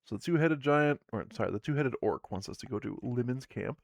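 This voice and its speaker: A man's voice: mid-range voice, lively intonation, fairly quick, gravelly, dry recording, studio quality. A sleepy man casually narrating his solo tabletop game on a live stream, rambling and self-deprecating as he reads the game text aloud.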